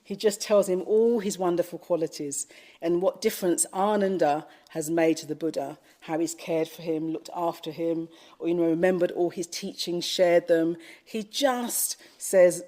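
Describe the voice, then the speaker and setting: Mellow low-voiced woman telling a story. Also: fairly even intonation, normal speed. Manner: gentle storyteller with frequent fillers. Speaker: Buddhist teacher. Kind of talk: storytelling dharma talk. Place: retreat talk at a Buddhist centre.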